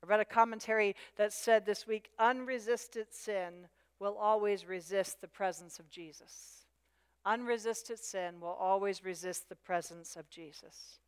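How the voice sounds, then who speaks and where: A woman's voice: medium pitch, steady tone, measured pace, smooth. A woman preaching a sermon with emphasis, repeating her key phrases. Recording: long hall reverb.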